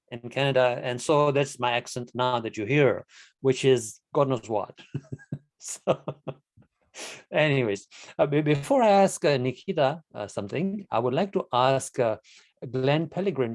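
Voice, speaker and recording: A man from Kenya hosts an online club meeting over a video call. He talks in a friendly, chatty way and often stutters over repeated words. His voice sits in a middle pitch with a dry, close sound. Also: no room sound. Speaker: meeting host. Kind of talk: casual video-call hosting.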